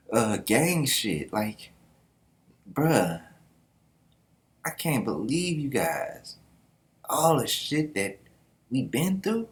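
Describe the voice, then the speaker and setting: Slow, lively slangy man reacting. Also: mid-range voice. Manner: slangy, loose, laughing asides. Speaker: manga reaction host. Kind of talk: casual reaction commentary.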